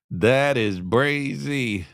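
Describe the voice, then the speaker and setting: In clean studio audio with no room sound, a middle-aged livestream host banters through viewer comments on his morning show, laughing often and using plenty of slang. His mid-range voice has a slightly bright quality.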